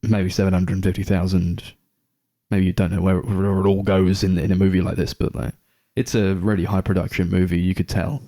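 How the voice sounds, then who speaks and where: A man in a relaxed chat, unhurried and casually profane. His voice sits very low with a gravelly fry. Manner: laid-back, swears casually, many fillers. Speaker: podcast co-host.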